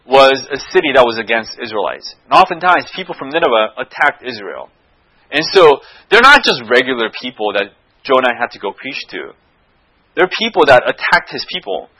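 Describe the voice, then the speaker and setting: A man delivers a sermon in a bright, forward voice with a husky edge. His pitch rises and falls in a lively way as he retells the story. He keeps checking in with his listeners as he talks. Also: rough recording. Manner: animated storytelling, often asks "right?". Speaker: preacher.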